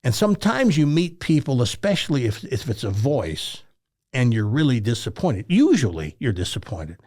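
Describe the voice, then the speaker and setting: Speaking at an ordinary speed and medium pitch, an older Tennessee man with a Southern drawl recounts folksy stories during an interview. Once a talk radio host, he tells them with animated, down-home flair.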